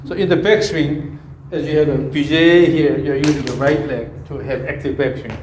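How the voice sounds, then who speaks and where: Man, golf coach, fairly high voice, instructive, repeats cues, roomy echo, faint hiss. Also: steady tone, moderate pace, darkish tone. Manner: instructive, repeats cue phrases, hums swing rhythms. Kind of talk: hands-on swing instruction. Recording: echoey room, faint background noise.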